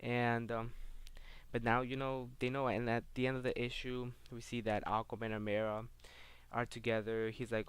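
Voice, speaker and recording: A man's voice: mid-range voice, little pitch movement, normal speed, smooth, no room sound. A man giving a casual comic book review on his channel, rambling and filling gaps with "um" and "like". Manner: rambling, heavy on fillers like "um" and "like".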